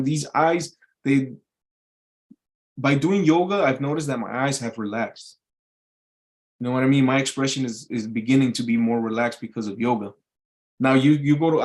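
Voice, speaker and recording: A man's voice: mid-range voice, darkish tone. A man talks straight to camera in a loose, unscripted rant. His voice sits in a middle register. He is blunt and profane and keeps checking in with his listener. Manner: profane, blunt, repeats "you know what I mean". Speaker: show host. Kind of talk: casual advice rant to camera.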